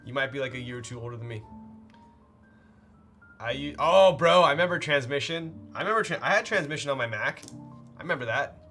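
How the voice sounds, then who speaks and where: A man's voice: mid-range voice, expressive, brisk, long pauses, bright, forceful tone, soft background music. A man streamer talking casually while building a keyboard, rambling and playful, with lots of fillers. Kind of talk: casual live-stream chat.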